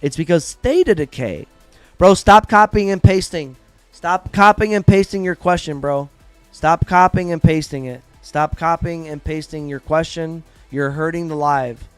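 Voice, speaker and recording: A man streams a live trading lesson, talking bluntly and swearing freely as he acts out traders' panic and regret. His voice sits a little high for a man. The sound is dry and close, with faint music playing underneath. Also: measured pace, clean tone, dry recording. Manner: blunt, profane, animated, acts out traders' reactions. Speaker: trading livestream host.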